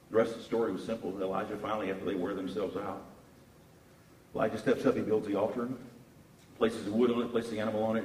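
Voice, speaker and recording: A man preaching a sermon, telling a Bible story with animated rises and restarts. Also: fairly low pitch, a little hiss or hum. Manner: animated storytelling, repeats words while searching. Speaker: pastor. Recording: echoey room from far off.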